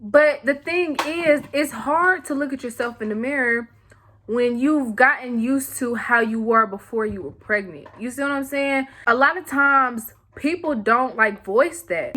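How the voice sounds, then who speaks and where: A young woman chatting casually to camera as a vlogger, sassy and animated, with playful slang. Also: high-pitched, measured pace.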